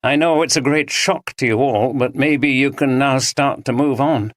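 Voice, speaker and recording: A narrator voicing a calm, polite police detective speaking in a measured, sympathetic way. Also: medium pitch, no room sound, voice pushed up, natural voice. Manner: measured, courteous.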